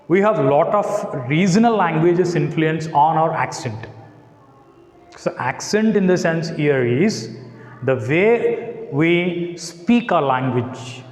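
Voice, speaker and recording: A man with an Indian English accent teaching a class, speaking slowly and repeating words for his students to follow. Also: on the high side. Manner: slow, repeats words for drilling. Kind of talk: classroom lecture. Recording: echoey room with long reverb.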